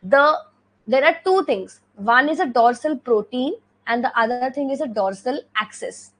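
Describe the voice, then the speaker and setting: A woman with an Indian English accent teaches an exam revision lecture in a high, expressive voice at normal speed, though the audio is poor. She explains things step by step, repeats key points, and checks in often with "okay."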